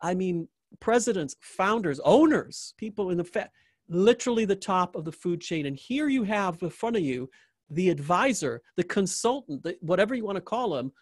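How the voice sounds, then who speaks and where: Animated, joking man hosting an interview. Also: high-pitched, moderate pace, no room sound, clean studio sound. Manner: animated, joking, repeats phrases for emphasis. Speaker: interview host. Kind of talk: enthusiastic closing endorsement.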